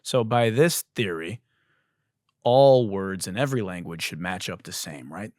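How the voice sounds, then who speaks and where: A man hosting a comedy podcast, riffing on wordplay in a profane, animated monologue, his voice a little hoarse. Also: sits low, unhurried, dry recording, clean studio sound. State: slightly hoarse. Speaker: podcast host.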